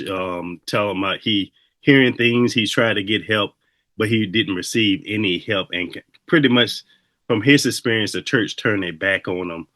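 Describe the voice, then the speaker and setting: A man's voice: on the low side, pushed and bright, no echo. A man hosting a podcast, talking in a laid-back, reflective way with loose, rambling stories. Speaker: podcast host. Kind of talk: casual interview chat.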